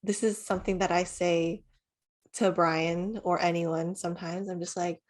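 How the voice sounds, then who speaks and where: A young adult woman co-hosting a podcast in casual chat, relaxed and loose with "like" fillers and laughs. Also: on the low side, moderate pace. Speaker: podcast co-host.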